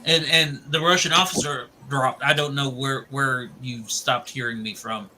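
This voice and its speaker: A man's voice: medium pitch, steady tone, normal speed, sharp tone, a little hiss or hum, poor audio. Rambling man retelling a film. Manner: rambling, with restarts.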